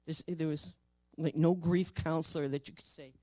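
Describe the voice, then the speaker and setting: This older woman, a paranormal investigator, shares a personal story with hesitations and repeated words, her low voice dropping softly during tender moments. Intonation is fairly even, and there's no room sound.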